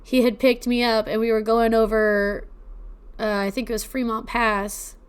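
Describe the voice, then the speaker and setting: A young woman telling her own paranormal stories on a podcast in a casual, chatty way, her voice smooth and resonant. She sounds teary-eyed and emotional, and she leans on fillers as she talks. Her pitch sits a little higher than most women's. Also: little pitch movement, moderate pace. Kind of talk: casual personal storytelling.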